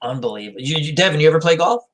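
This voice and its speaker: A man's voice: on the high side, animated, rapid-fire, fairly bright tone. A man hosting a casual chat, rambling through self-deprecating stories. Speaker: host. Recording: faint background noise.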